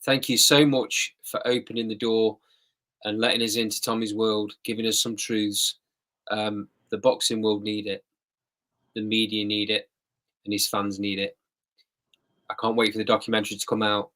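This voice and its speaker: A man's voice: fairly low pitch, little pitch movement, normal speed, long pauses, pushed and bright. Polite British-born male interviewer. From Britain. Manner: friendly, polite, hesitant with ums. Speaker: interviewer, host. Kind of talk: conversational interview.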